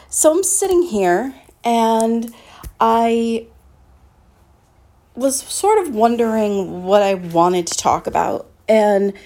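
A woman's voice: a little high, warm tone. Blunt, swearing woman podcast host. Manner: candid and blunt, swears freely, drifts off on tangents. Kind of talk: casual solo podcast monologue.

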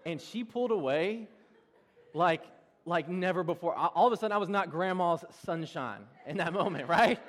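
Animated young pastor in a reverberant church. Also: male voice, high-pitched, normal speed. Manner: animated, self-deprecating storytelling with laughs. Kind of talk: sermon with personal stories. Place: large church hall. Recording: long reverb of a church hall.

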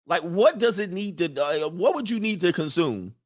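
A man's voice: sits high, animated, moderate pace, darkish tone. A man hosting a casual livestream, reading viewer comments and rambling through blunt opinions with frequent laughs.

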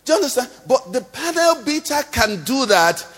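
A Nigerian pastor with a notably high voice delivers his sermon in a rhythmic, singsong cadence. He keeps turning to the congregation with questions. The sound carries a long reverb from the church hall. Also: big pitch swings, normal speed, fairly bright tone. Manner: rhetorical questions to the congregation, sing-song cadence.

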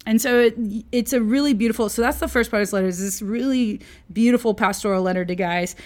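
A woman's voice: on the high side, quick pace, darkish tone. A woman giving a casual, chatty Bible lesson, playful and full of jokey asides. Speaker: Bible teacher.

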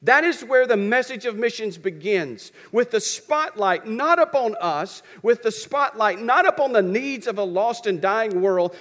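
A man's voice: high-pitched, animated, measured pace, few pauses, fairly bright tone. A man preaching a sermon. He asks questions and answers them himself, and repeats phrases for rhythm.

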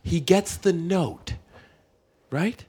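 A man's voice: high voice, very slow, dark tone, breathy edge. A male comedian telling a story on a podcast in a casual way, acting out other people's lines as he goes. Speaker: touring comedian, guest.

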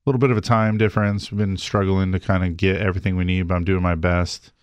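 Male host, low voice, rambling storyteller, dry close sound. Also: level tone, fast, no echo. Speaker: podcast host, mortgage lender. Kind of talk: casual chat.

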